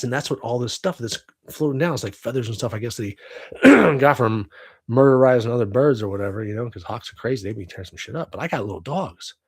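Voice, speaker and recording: A husky, gravelly man in his forties, from the United States, hosts a casual livestream from home. He rambles, swears and laughs as he chats, pitched at an ordinary middle height, and the webcam catches him dry and close. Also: no echo. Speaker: livestream host.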